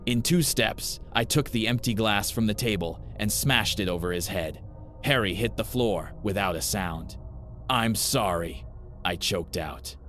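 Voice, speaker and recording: A man narrating a first-person horror story in a grim, measured way. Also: on the low side, a bit bright, a little hiss or hum.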